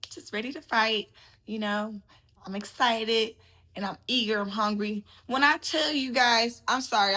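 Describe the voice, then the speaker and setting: A woman's voice: on the high side, bright, forceful tone. A woman hosting a casual boxing commentary vlog, chatty and laughing, calling her viewers baby. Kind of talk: casual chat to camera.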